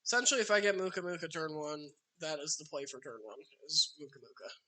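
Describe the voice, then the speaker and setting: A man's voice: a little high, expressive, fast talker, bright, forceful tone. A man streaming a card game live, chatting casually and talking to his opponent as he plays. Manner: chatty, talks to his opponent while playing.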